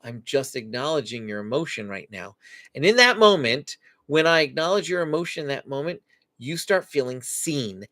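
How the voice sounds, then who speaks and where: A man's voice: medium pitch, moderate pace, no echo, clean studio sound. A middle-aged man hosting a live parenting Q&A, explaining in an earnest, conversational way. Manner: relaxed, conversational with fillers. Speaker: parenting show host. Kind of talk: live Q&A teaching talk.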